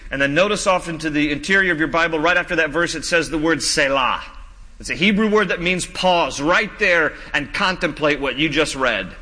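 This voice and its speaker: A male pastor preaching a sermon, slow and emphatic, dropping low and soft on key lines. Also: in a large hall, low-quality recording.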